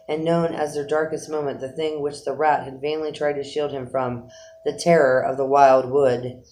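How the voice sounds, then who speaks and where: A man narrating a children's animal story aloud in an expressive storytelling manner. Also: fairly high pitch, slight background noise, rough recording. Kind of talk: storybook reading.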